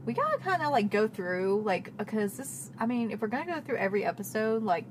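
A woman's voice: medium pitch, sing-song, brisk. A young woman co-hosting a podcast, chatting in an easygoing way with dry asides. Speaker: podcast co-host. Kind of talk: casual chat. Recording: background noise.

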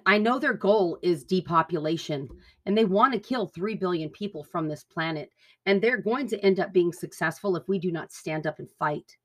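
Woman podcaster, angry rambling rant, heavy swearing. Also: lowish voice. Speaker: podcast host. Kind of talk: political rant monologue.

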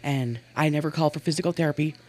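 Brief: earnest, animated woman in her forties from Montana, guest telling stories. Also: deep voice, rapid-fire. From Montana, USA. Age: 40s. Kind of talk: casual storytelling in an interview.

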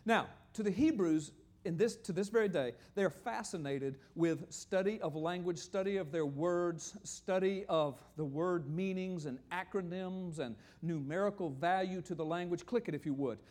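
A man's voice: high voice, normal speed, darkish tone. A man preaching a sermon with slides, explaining in a conversational way to a congregation in a church hall.

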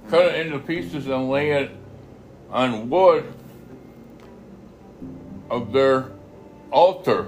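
A man reading a Bible passage aloud, halting often to repeat and correct his phrases. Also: fairly high pitch. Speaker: scripture reader.

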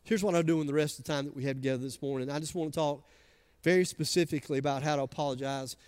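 A man with a Southern US accent preaching a sermon, chatting with the congregation between soft asides and loud emphatic lines. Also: fairly high pitch, steady tone, very fast, clear, resonant tone. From American South. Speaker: pastor.

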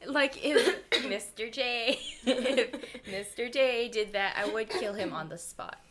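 Young woman, casual chat, joking, slightly high voice, chatter behind. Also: slow. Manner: joking, giggly, trailing off quietly.

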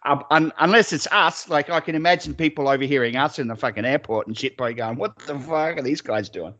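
A man's voice: fairly high pitch, brisk, bright, forceful tone, lo-fi sound. An Australian man co-hosting a podcast, rambling through stories with lots of swearing and laughter. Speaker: podcast co-host. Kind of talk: casual chat.

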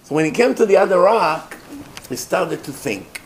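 A man giving a sermon as a rabbi, telling the story in an animated way with rhetorical questions and mocking asides. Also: high voice, moderate pace, slight background noise.

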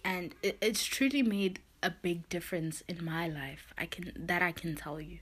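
Nearly crying, a podcast host pours out a heartfelt personal monologue in a lowish, slightly rough voice that's a bit bright and moves at a normal speed. "You know" and "literally" come up again and again.

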